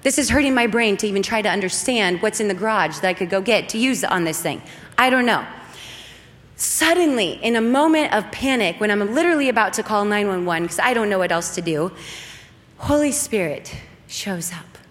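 A woman in her thirties giving a faith testimony talk, telling a story in a lively, humorous way. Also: mid-range voice, fairly quick. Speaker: speaker. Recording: long hall reverb.

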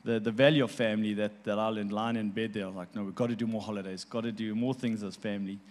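Heartfelt halting man telling a story. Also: lowish voice, fairly even intonation. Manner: heartfelt, halting, repeats words, laughs between stories. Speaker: guest. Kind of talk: personal storytelling.

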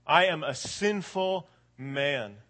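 An eager, headstrong fisherman disciple who blurts out whatever he feels, as a preacher acts him out. The voice sits high and pushes hard on every line. It is a plain, casual sermon retelling. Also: takes it slowly, a bit bright. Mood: pleading. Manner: blurting, emphatic.

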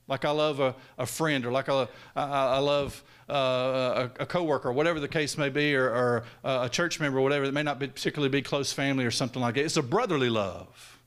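A man preaching a sermon, swinging from loud raised peaks down to hushed, low lines. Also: fast talker, hardly any pauses.

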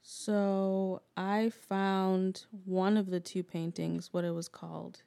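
Slow smooth-voiced woman co-host. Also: level tone, dark tone, dry recording. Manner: unhurried, low-key, mostly brief agreement. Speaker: podcast co-host. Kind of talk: casual podcast chat.

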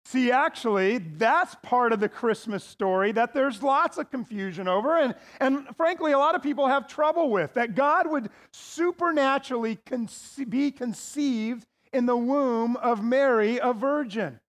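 A man with a very high voice preaching a sermon. He talks in a casual, folksy way and drops in playful asides to his congregation. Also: lively intonation, unhurried, few pauses. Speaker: pastor.

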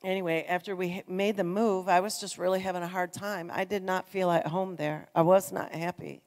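Creaky-voiced woman preaching in a hall. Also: fairly low pitch, steady tone, brisk. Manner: earnest, conversational, swings from loud emphasis to soft near-whispers. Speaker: church speaker. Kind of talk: personal testimony sermon. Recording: long reverb in a large hall.

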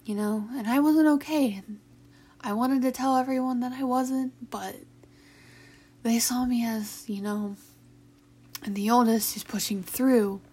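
A young adult woman telling a personal story in a halting, emotional way, with sighs and restarts. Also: a little high, mellow, breathy edge. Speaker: vlogger. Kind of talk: personal confessional talk.

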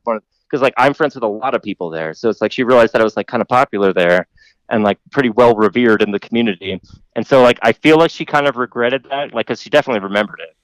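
A man's voice: no echo, poor audio. Profane rambling man telling a story. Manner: rambling, profane, mimics others in high voice. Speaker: podcast co-host telling a story. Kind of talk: casual storytelling chat.

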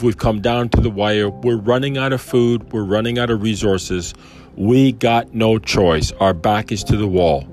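A man's voice: on the low side, a little mellow. A man casually reading a Bible chapter aloud and commenting on it, enthusiastic and rambling with many fillers.

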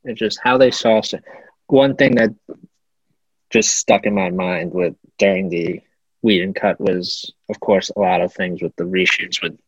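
A man's voice: low voice, fairly even intonation, measured pace, breathy edge, no echo. A man co-hosting a casual film review podcast, laid-back and profane, with hesitant restarts. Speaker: podcast co-host. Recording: dull muffled home mic.

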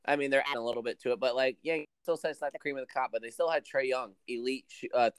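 Man, mid voice, casual sports banter, excitable, dry close sound. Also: medium pitch, clean tone, dry recording. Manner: excitable, quick reactions and banter. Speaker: sports podcast co-host.

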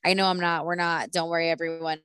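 A woman's voice: lowish voice, little pitch movement, fast talker, a bit bright, clear, resonant tone, no echo. A young woman co-hosting a podcast in casual chat, chatty and swearing casually. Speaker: podcast co-host.

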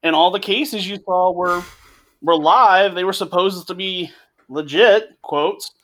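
A man's voice: high-pitched, a little slow, fairly bright tone. A man chatting casually on a podcast, telling a story animatedly, swearing and laughing as he goes.

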